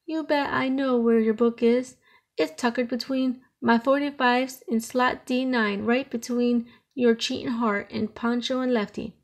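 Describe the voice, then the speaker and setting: A lonesome female jukebox talks in a folksy, lamenting way in a storybook. A woman voices her with a gravelly, fairly high voice. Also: steady tone, a little slow. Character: sad, sassy female talking jukebox.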